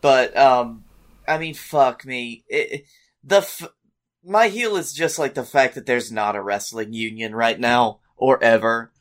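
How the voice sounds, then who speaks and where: Chill podcast guy, middle pitch, kinda hesitant, lots of ums. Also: a little slow. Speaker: podcast co-host. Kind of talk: casual chat.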